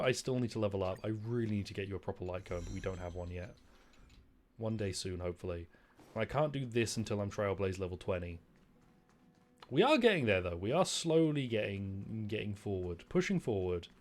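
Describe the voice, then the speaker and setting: Wry British man streaming a game. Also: lowish voice. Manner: wry, mock-indignant, reads game dialogue aloud. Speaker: gaming streamer. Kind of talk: casual gameplay commentary.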